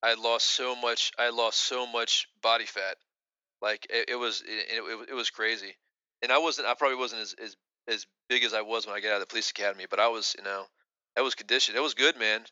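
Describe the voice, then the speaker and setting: A man co-hosting a podcast tells a long, rambling story, full of false starts and "like"s. His voice is bright and forward, recorded dry and close on a slightly dull, lo-fi mic. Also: on the low side, fairly even intonation, fairly quick, dry recording. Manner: rambling, many restarts and "like" fillers. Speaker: podcast co-host. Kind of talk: casual storytelling chat.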